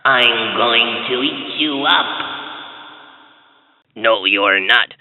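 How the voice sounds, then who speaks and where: Man putting on a deep, menacing troll. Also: drawn-out words, reverberant, big-room sound. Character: terrible hungry male troll under a bridge. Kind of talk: storybook character voice. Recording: tinny lo-fi toy speaker, dry.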